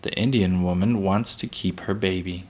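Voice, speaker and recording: A man voicing a stern, steady pioneer father in a storybook reading. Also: low voice, moderate pace.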